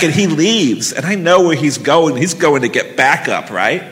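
A man telling a personal story live on stage, intense and halting, with emotional pauses. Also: mid-range voice, sing-song, a bit bright, long reverb tail.

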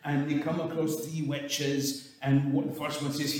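A man's voice: on the high side, level tone, a little slow, hardly any pauses, darkish tone. A Scottish man giving an irreverent comic history talk, swearing and chuckling through his asides. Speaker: storyteller. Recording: echoey hall from far off.

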